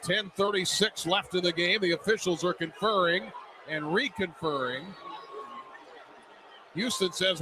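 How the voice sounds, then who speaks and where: A man announcing a basketball game play-by-play, quick and rising to excitement on big plays. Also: high voice, background noise. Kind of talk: radio-style basketball play-by-play. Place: arena broadcast position.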